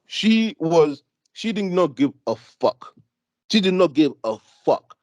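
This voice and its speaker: A man with a British accent telling a casual story on a podcast, animated, laughing, full of street slang. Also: on the high side, slow, dry recording. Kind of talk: casual chat.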